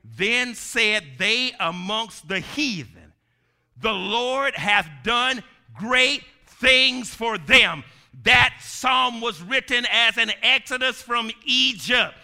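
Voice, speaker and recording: A male preacher delivering a sermon, emphatic and repetitive, swinging from shouted lines down to low, quiet ones. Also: lively intonation, slow. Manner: emphatic, rising to shouts then dropping low; repeats lines for the congregation to say.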